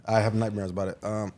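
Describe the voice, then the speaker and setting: A man's voice: lowish voice, noisy background. A man hosting a podcast, talking casually with frequent stammered restarts and self-mocking humor. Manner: hesitant, stammering restarts, laughs at himself. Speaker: podcast host.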